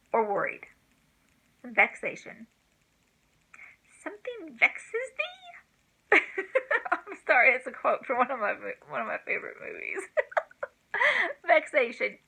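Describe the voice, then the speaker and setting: A woman's voice: on the high side, vocal fry, pushed and bright, poor audio. An older woman, a grandmother, giving a homeschool vocabulary lesson, spelling words letter by letter in a chatty, self-deprecating way.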